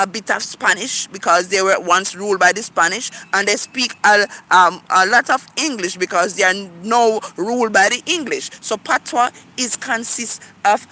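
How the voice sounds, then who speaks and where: A Jamaican man with a very bright, piercing voice explains local history as a casual tour guide. He rambles, restarts his sentences often and speaks straight to the viewer. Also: sits high, rough recording.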